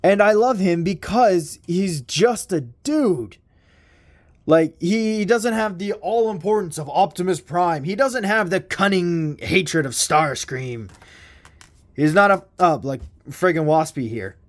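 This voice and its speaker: Young guy, slangy toy-review rambler, unhurried delivery, slightly high voice. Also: dry recording, studio quality. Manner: rambling, slangy, mild swearing. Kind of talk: casual vlog review.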